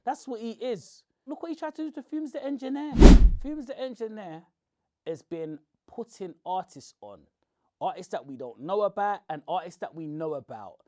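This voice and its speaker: A man, shouting and confronting someone in a heated rant to camera. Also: high-pitched, big pitch swings, normal speed. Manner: shouting, confrontational, repeats "bro". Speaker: online commentator.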